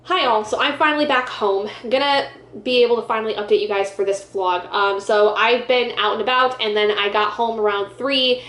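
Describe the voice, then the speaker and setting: Brief: fairly high woman's voice, casual vlog update from home, roomy echo. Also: a little fast, hardly any pauses. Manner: relaxed catching-up update. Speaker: book vlogger.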